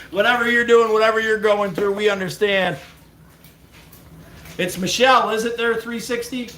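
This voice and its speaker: High-voiced laid-back man, echoey and distant. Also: fairly even intonation, a little slow, pauses often, fairly bright tone. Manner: laid-back, teasing, swears freely. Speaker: livestream host. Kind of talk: casual chat. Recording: echoey, distant mic, background noise.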